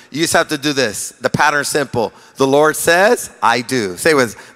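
In a church sanctuary, a middle-aged pastor delivers a sermon at a moderate pace in a voice on the high side, barely pausing. Animated and storytelling, he mixes humor into his tales, trades jokes with the congregation and urges them to answer back, all under a long hall reverb.

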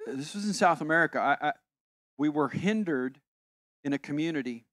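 A man's voice: on the high side, lively intonation, moderate pace, fairly bright tone, no room sound, studio quality. A man in his sixties, a pastor giving a conversational, emphatic sermon with personal stories. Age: 60s. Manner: conversational, emphatic, self-interrupting.

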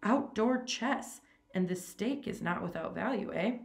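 Woman reads a suave menacing general, mock-courteous, slightly raised, gravelly edge. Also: medium pitch, lively intonation, a little slow. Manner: genteel, mocking courtesy. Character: suave menacing aristocratic male hunter general.

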